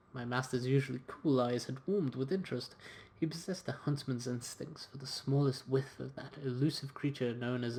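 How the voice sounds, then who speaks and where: Male gamer, casual let's-play; reads story text aloud, relaxed. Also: medium pitch, vocal fry. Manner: relaxed, reading narration with occasional quoted voices.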